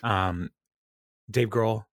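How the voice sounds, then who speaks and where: A man's voice: fairly low pitch, steady tone, very slow, no room sound, studio quality. A man hosting a podcast, chatting casually and laughing often, with plenty of ums. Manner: laughs often, lots of ums, reads out quotes. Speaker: podcast host recapping episodes. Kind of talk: casual chat.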